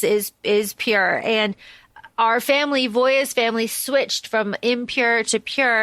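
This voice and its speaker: A woman talks through a novel with her co-host in a loose, chatty way, her voice sitting a little high. She restarts her sentences a lot and jumps into animated quotes. The sound is dry and close. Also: no room sound. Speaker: podcast co-host. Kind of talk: casual book discussion.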